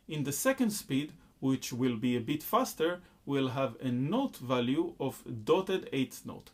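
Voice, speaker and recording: A man teaching a rhythm lesson at an unhurried pace. His voice rises and falls a lot as he explains, and he stops often to chant the syllables out loud. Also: a little high. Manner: slow, patient explaining, breaking into chanted syllables and claps. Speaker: music teacher.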